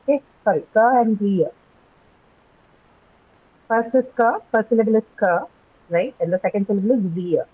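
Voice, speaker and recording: A woman runs an online English lesson, saying each word several times and asking her students questions. Her voice is husky and breathy. The call audio is thin and phone-like. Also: mid-range voice. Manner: patient, repeats words slowly, asks students questions. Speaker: English teacher.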